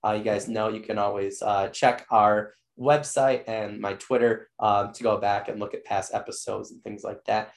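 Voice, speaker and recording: Gravelly, hoarse podcast host rambling on. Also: male voice, on the low side, steady tone, moderate pace, few pauses. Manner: rambling, heavy filler words, enthusiastic. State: losing his voice. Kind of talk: casual interview wrap-up.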